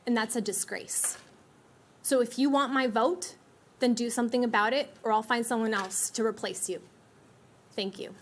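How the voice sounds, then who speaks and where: Slightly high-voiced woman, blunt and scolding toward the board. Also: steady tone, moderate pace, a little hiss or hum. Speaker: public commenter. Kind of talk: public comment speech.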